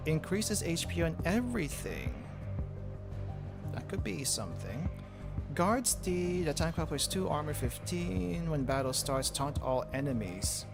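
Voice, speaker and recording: A man's voice: on the high side, very animated, creaky. Young man musing over a game. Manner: thinks aloud while reading item text, halting. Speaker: streamer. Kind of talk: casual gameplay commentary. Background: game music.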